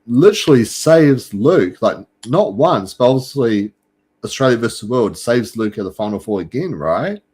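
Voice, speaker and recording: A man's voice: medium pitch, expressive, normal speed, a little mellow, slightly rough. A man hosting a casual fan podcast, talking in a chatty way with many fillers and restarts. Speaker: podcast host.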